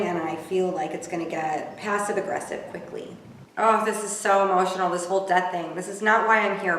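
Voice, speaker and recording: A woman's voice: fairly low pitch, fairly bright tone, slight background noise. Snarky woman recapping in an echoey room. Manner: snarky, gossipy, chatty. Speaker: reality TV recapper. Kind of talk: casual live recap commentary. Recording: echoey room, distant from mic.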